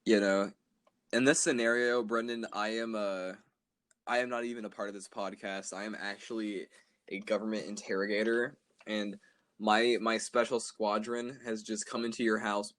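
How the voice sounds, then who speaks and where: A man's voice: lowish voice, level tone, normal speed, fairly bright tone. A teenage man co-hosting a casual comedy podcast, joking and riffing with a laugh. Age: late teens. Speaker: podcast co-host.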